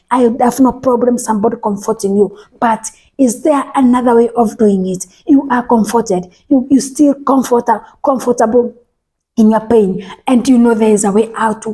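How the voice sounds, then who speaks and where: Her slightly high voice carries a breathy edge as she preaches a sermon with emphasis. She repeats phrases and restarts words, sometimes lowering to a soft whisper.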